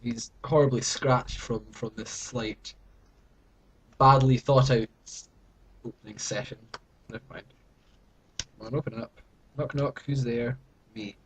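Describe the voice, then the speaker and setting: A man's voice: medium pitch, fairly even intonation, a little slow, pauses often, slight background noise. A young British man talking to camera at home in a rambling, self-mocking, mock-dramatic way. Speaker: vlogger. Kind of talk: casual chat to camera.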